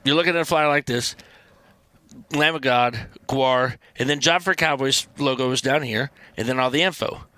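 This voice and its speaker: A man guesting on a podcast, telling animated, profane band stories in casual chat. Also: medium pitch, normal speed, dry recording. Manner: animated, profane, acts out quotes in loud voices. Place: podcast studio.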